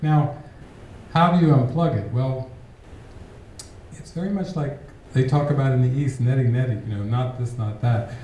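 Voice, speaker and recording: A man gives a relaxed, reflective spiritual talk, with a very warm and mellow tone. He sounds far from the mic in a strongly echoing hall. A faint background noise runs under his voice. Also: medium pitch, moderate pace. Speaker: spiritual teacher. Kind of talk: spiritual talk with audience question.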